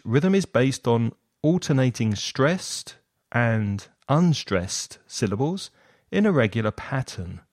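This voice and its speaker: A man giving a scripted explanatory lesson, setting out terms one by one in a measured way. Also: medium pitch, a little mellow, dry recording, clean studio sound. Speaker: lecturer.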